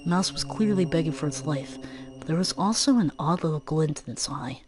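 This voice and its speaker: A woman's voice: low voice, fairly quick, a little mellow. Woman streamer reading a game aloud. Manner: casual, playful and laughing. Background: background game music.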